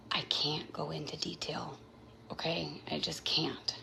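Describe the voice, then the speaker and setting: A woman's voice: low-pitched, fairly even intonation, measured pace, gravelly, bright, forceful tone. A woman vlogging casually, often dropping to a whisper and cooing to cats in a sing-song voice. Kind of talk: casual vlog talk. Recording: noisy amateur recording.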